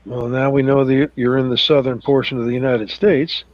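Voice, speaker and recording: Steady explainer type, mid-pitched man, muffled dry mic on a group call. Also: dry recording. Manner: measured, explanatory, hesitant fillers. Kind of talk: casual chat.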